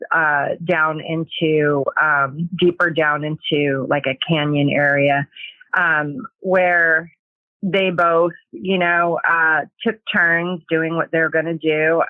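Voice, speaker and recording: A woman sharing a personal testimony in a hesitant, halting way, pausing often as she recounts her story. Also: sits low, little pitch movement, no echo, narrow, tinny audio. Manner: hesitant, halting, with many pauses.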